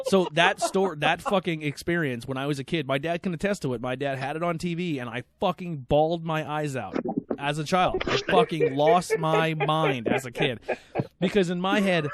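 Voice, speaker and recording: A man's voice: fairly high pitch, moderate pace. A man hosting a podcast, telling rambling stories full of swearing. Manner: profane, rambling storyteller. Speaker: podcast host. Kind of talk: casual chat.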